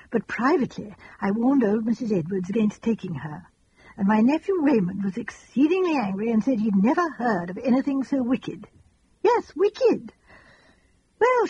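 A woman reading an audiobook, voicing a gentle, fussy elderly spinster who talks in a chatty, earnest, rambling, old-fashioned way. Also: on the high side, slightly rough, no room sound, dull audio.

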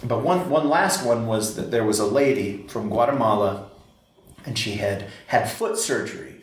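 A man in casual chat who tells stories in an animated way, stammering and restarting his sentences often. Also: medium pitch, normal speed. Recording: echoey room, faint background noise.

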